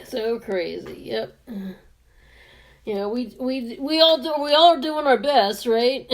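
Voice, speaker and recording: Give me a high-voiced woman in her fifties, rambling through a story while doing her makeup. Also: animated, slow. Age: 50s. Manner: rambling, many restarts and frequent laughter. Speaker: beauty vlogger.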